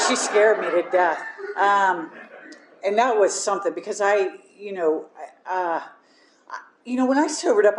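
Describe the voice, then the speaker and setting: A woman with a low voice gives a candid personal testimony. She pokes fun at herself and laughs often. Her voice rings in an echoey room with a faint hum of ambience behind it. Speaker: speaker sharing a recovery story.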